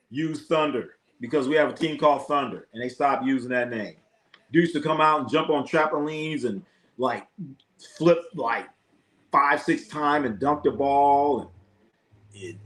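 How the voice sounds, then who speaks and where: Guy on a sports livestream, loose rambling chat, repeats himself a lot, asks the chat stuff. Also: a little high.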